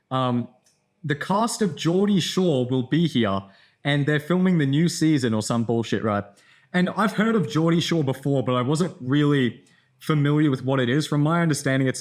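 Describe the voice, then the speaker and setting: A tired young man in a casual vlog, telling a rambling story with lots of fillers and swearing. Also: medium pitch. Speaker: content creator.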